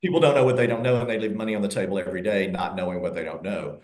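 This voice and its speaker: A man's voice: lowish voice, racing, a little mellow, echoey room. A man with a Southern US accent, a real estate agent talking casually in an interview, repeating words and laughing often. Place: Los Angeles.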